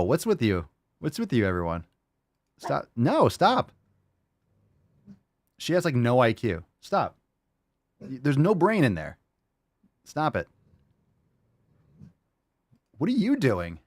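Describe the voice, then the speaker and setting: A man's voice: mid-range voice, no room sound. A man hosting a casual podcast, swearing freely and scolding his barking dogs between segments. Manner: profane, scolds barking dogs mid-show. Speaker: podcast host.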